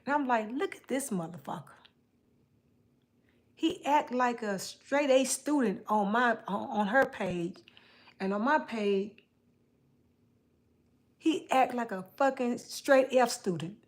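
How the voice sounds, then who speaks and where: A woman with a slightly high voice speaks slowly as she hosts her own livestream. She chats casually with viewers in loose, colloquial speech, teasing people by name and repeating phrases for emphasis.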